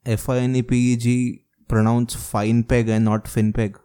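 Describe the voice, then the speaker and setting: A man's voice: mid-range voice, level tone, brisk, dark tone, clear, resonant tone. A man hosting a casual podcast, agreeing often and asking follow-up questions. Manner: agreeable, frequent affirmations, probing questions. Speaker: podcast host.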